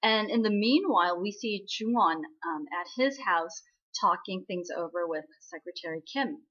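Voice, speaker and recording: A woman giving a casual spoken recap of a TV drama, chatty and full of fillers, acting out quoted lines in a higher voice. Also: animated, moderate pace, fairly bright tone, dull audio.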